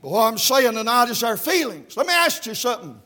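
A man preaching a revival sermon in a Baptist church, fervent and peppered with "uh, uh" as he builds toward shouts. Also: very high voice, big pitch swings, a little fast.

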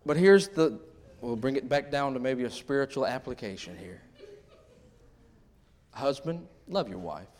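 A man's voice: medium pitch, animated, measured pace, long pauses, darkish tone. A middle-aged man preaching a sermon in a humorous, conversational way, acting out little scenes from married life. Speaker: pastor.

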